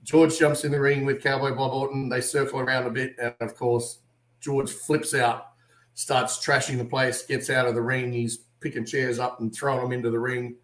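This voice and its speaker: A man in his forties with an Australian accent, telling an animated story as a guest on a video call and acting out voices in quotes. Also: mid-range voice, normal speed, roomy sound.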